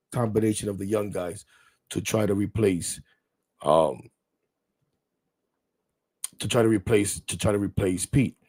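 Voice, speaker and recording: A man's voice: mid-range voice, darkish tone. A man hosting a live sports talk show, rambling bluntly, swearing casually and talking straight to his viewers. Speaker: podcast host.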